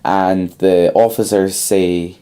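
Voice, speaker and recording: A man's voice: low-pitched, steady tone, slow, mellow, clear, resonant tone. A young man co-hosting a casual podcast, retelling a film plot at length with lots of ums. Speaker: podcast co-host.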